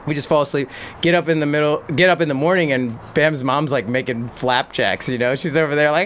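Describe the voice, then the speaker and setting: A man's voice: on the high side, fairly quick, a bit bright, a little hiss or hum. A middle-aged man telling a crude story on a podcast, often laughing and restarting his sentences. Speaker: podcast guest, pro BMX rider and stuntman. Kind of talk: casual storytelling.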